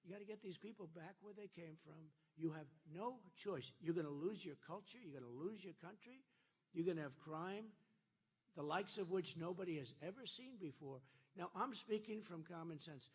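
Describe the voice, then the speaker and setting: A man giving a campaign rally speech, repetitive and emphatic, swinging between loud declarations and quiet asides. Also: sits high, lively intonation, normal speed, slightly rough. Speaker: political candidate.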